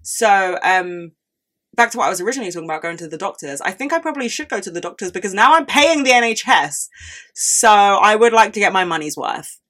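A woman's voice: medium pitch, animated, brisk, a bit bright. A young woman in her early twenties hosting a solo podcast, chatting casually, swearing often and ranting with dramatic outbursts. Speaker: podcast host.

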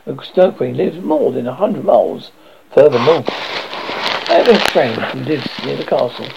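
A man voicing a kindly old northern woman in a storybook reading, gentle and sympathetic. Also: mid-range voice, sing-song, moderate pace, vocal fry, background noise. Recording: dull lo-fi recording.

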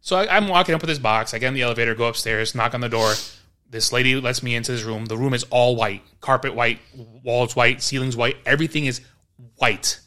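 Fast-talking bright-voiced man telling stories. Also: medium pitch. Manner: animated storyteller, acts out his own past reactions. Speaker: podcast co-host. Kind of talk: casual storytelling chat.

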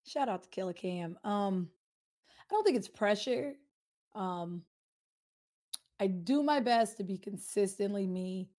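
A woman's voice: medium pitch, animated. A woman streamer answering a viewer question in casual, heartfelt chat, rambling and earnest with slangy talk. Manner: rambling, earnest, slangy, quick swings to loud.

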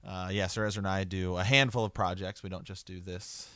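A man hosting a book club podcast, talking in a relaxed, rambling way with many restarts. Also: low-pitched, a little fast, smooth, no echo. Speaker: podcast host. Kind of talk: casual podcast chat.

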